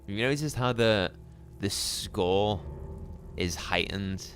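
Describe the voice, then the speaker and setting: A man streaming a live game playthrough, chatting with viewers in a relaxed, musing way. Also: fairly low pitch, slow, soft background music. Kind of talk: live gameplay commentary.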